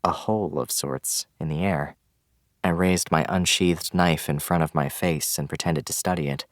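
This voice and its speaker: Very deep-voiced male audiobook narrator. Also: steady tone, normal speed, no room sound, studio quality.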